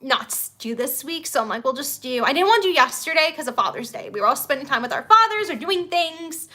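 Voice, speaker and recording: A young woman hosting a casual live stream from home, chatty and excitable, full of fillers and restarts. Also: sits high, a little fast. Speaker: YouTube host of a live stream.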